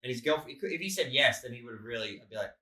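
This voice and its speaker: Rambling Australian comedian, roomy echo. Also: male voice, medium pitch, expressive, very fast, pushed and bright. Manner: rambling, storytelling with acted-out quotes. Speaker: comedian podcast co-host. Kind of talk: casual chat.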